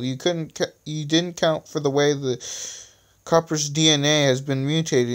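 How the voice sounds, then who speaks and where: A man's voice: a little high, darkish tone. Self-mocking man reading his own story. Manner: self-deprecating, stumbles and restarts often. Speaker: reader of his own stories. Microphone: phone screen recorder.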